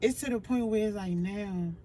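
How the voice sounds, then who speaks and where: A woman's voice: mid-range voice, moderate pace, warm tone, a little hiss or hum. A woman guest on a casual podcast, emphatic and profane as she retells conversations.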